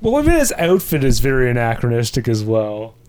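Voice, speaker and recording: A man co-hosting a casual movie podcast, speaking in a measured, analytical way. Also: mid-range voice, very animated, a little mellow. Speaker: podcast co-host. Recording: noisy with clicks.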